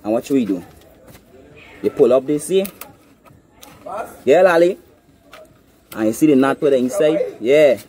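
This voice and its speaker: A man's voice: medium pitch, lively intonation, measured pace, pauses often, mellow. Guyanese man explaining a trap outdoors. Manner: explains step by step, often asks "you understand me?". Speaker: hunting vlogger. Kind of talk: casual outdoor demonstration. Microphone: phone camera.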